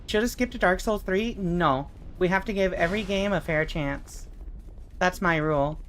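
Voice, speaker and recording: A young adult woman streaming a game, chatting casually with her chat and swearing in expressive outbursts. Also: lowish voice, normal speed, a little hiss or hum.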